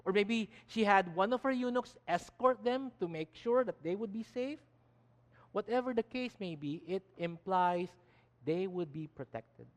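A man's voice: sits high, lively intonation, measured pace. A man preaching a sermon emphatically, often restarting his words. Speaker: pastor. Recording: long reverb of a hall.

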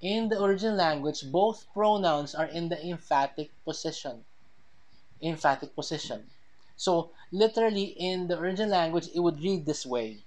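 A Filipino man delivering a sermon in a slightly higher voice. He teaches verse by verse, reading scripture aloud with stress on key words and mixing Tagalog into his English. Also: animated, normal speed, darkish tone. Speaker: pastor.

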